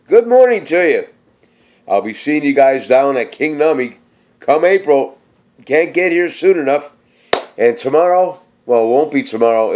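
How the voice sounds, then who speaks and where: A man's voice: mid-range voice, darkish tone. A middle-aged man chatting casually on his vlog, rambling with many fillers and slightly slurred speech. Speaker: vlogger. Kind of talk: casual cooking chat and viewer shout-outs.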